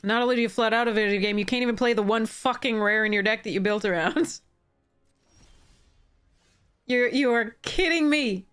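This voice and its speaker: A woman commenting on her own card game, exasperated and swearing, with sudden high-pitched outbursts. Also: normal speed, pauses often, a bit bright, smooth, faint music behind. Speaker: streamer playing a card game. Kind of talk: frustrated gameplay commentary.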